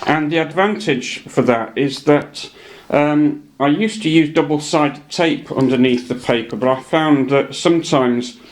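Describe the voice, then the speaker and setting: A man's voice: on the high side, a little slow. Man, hobby builder, casual show-and-tell, meandering, lots of ums. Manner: meandering, many ums and uhs.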